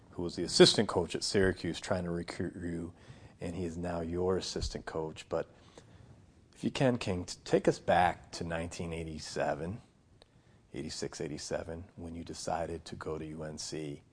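Deep, husky podcast host. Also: male voice, fairly even intonation, normal speed. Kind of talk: interview questions.

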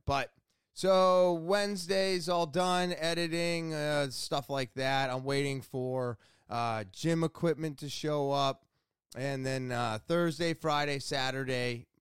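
A married man vlogging a casual, rambling recap of his week, telling stories with many fillers and animated quoted exchanges. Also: a little high, clear, resonant tone, no echo, clean studio sound.

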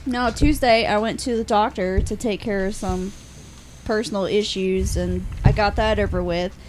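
A woman's voice: medium pitch, fairly even intonation, moderate pace, a little mellow, a little hiss or hum. A young woman chatting casually on a podcast, telling a story bluntly and swearing freely at home. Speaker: podcast guest. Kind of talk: casual chat.

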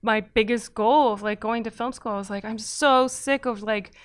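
A woman filmmaker talking casually in an interview, animated and talkative with frequent laughs. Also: fairly high pitch, normal speed, clean tone, no echo. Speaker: filmmaker guest.

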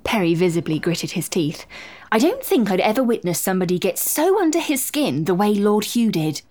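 Female narrator, wry and expressive, lively intonation. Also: medium pitch, moderate pace. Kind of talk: storybook narration.

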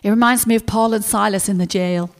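Woman preaching with lively storytelling. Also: mid-range voice, a little fast. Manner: lively storytelling, acting out the characters in quotes. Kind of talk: sermon.

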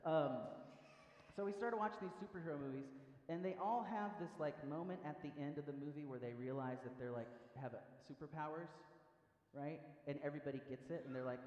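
A man preaching a relaxed, conversational sermon, full of asides and little jokes at his own expense. His voice rings out in a roomy hall with long reverb. The sound is a bit dull and muffled. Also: a little high, fast talker. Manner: chatty, self-deprecating, full of fillers and asides. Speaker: pastor.

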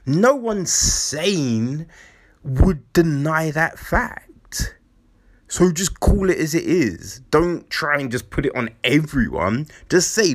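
A man giving a casual, sweary opinion monologue, animated and mocking. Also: fairly high pitch, dry recording.

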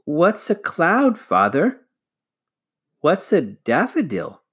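An eager little girl full of questions, as a man puts her on. Slightly raised, lively voice. Storybook reading. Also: a little high, slow pace, breathy edge, pitched above the performer's own voice, heavily acted. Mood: curious.

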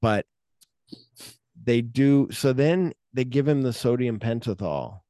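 Dark-voiced man retelling film scenes. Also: mid-range voice, slow, no room sound, clean studio sound. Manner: animated retelling, acts out scenes and hums music cues; swears casually. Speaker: podcast co-host. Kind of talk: casual film discussion.

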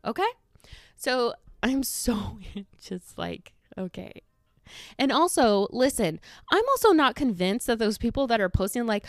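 A woman's voice: a little high, animated, measured pace, dry recording, studio quality. A woman in her thirties ranting sarcastically in a casual solo podcast, swearing freely and mimicking people.

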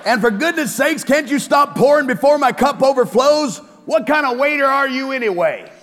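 A man's voice: very high voice, expressive, normal speed, a bit bright, long reverb tail, voice pushed up. A man voicing a whiny, complaining pessimist woman in a comedic sermon skit, griping sarcastically.

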